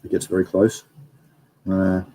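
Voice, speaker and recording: A man's voice: low voice, completely flat delivery, a little slow, mellow, a little hiss or hum, low-quality recording. A young man hosting a casual livestream, rambling and reading out viewer comments. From Australia. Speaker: livestream host.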